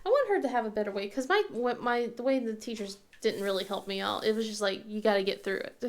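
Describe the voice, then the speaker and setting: A crafting channel host in her thirties chats casually, her voice a little high. She rambles and halts, full of fillers and restarts, and becomes tearful at times.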